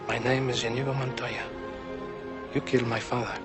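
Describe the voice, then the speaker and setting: An actor playing a vengeful swordsman, speaking in a solemn, measured way, heard as a film clip. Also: mid-range voice, little pitch movement, close to an everyday voice. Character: vengeful male swordsman, grim and steady. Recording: film clip over loud music.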